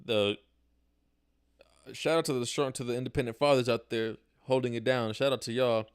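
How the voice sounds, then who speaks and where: A young man hosts a casual solo podcast livestream, speaking directly into a camera. He sounds candid and unpolished, dropping slang and swearing freely as he acts out his own reactions. His voice sits at an ordinary middle pitch for a man. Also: fairly even intonation, normal speed, clean tone. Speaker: podcast host. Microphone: camera mic, talking to camera.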